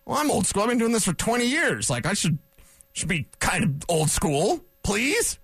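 A man talking sports on radio, opinionated and sarcastic, rambling through quick asides. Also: sits high, very animated, fairly bright tone, breathy edge, dry recording. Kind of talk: opinionated sports talk monologue.

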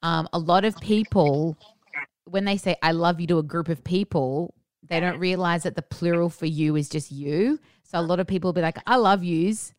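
A woman's voice: fairly low pitch, fairly even intonation, normal speed, a little mellow, no room sound, clean studio sound. A woman radio host, chatting casually and jokingly with a guest, full of "like". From Australia. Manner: bubbly, joking, uses 'like' often.

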